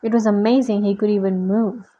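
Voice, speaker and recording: A woman reading a novel aloud in a steady, deliberate way. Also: mid-range voice, lo-fi sound. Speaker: reader.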